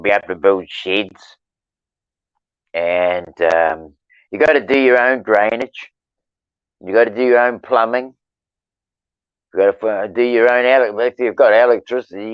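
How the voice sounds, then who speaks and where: A New Zealand man, a stonemason, telling stories in casual chat, with halting restarts and fillers. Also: lowish voice, clean tone, no echo. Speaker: podcast guest, stonemason. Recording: dull lo-fi sound.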